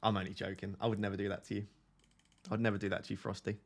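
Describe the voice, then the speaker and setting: Gravelly-voiced man joking on a live stream. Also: fairly low pitch, flat delivery, racing. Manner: jokey, reads viewer comments aloud and laughs a lot. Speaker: fantasy football streamer host. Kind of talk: casual live stream chat.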